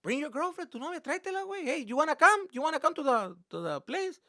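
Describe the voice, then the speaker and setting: A man's voice: very high-pitched, big pitch swings, fast, pushed and bright, dry recording, clean studio sound, voice pushed up, full character voice. A man voicing an enthusiastic father, mixing slang into English as he pushes an invitation. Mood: eager. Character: excited outdoorsy father, short-tempered.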